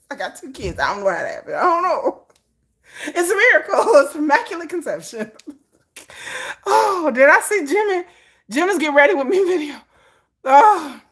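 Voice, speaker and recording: A woman's voice: high-pitched, fairly bright tone. A woman chatting casually as a vlogger, laughing often and acting out little scenes in playful voices. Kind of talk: casual chat.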